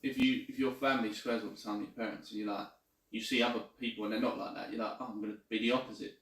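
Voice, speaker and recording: A man in a casual podcast chat, explaining his point quickly. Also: on the low side, steady tone, fairly bright tone, recorded from a distance. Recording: echoey room, away from the mic.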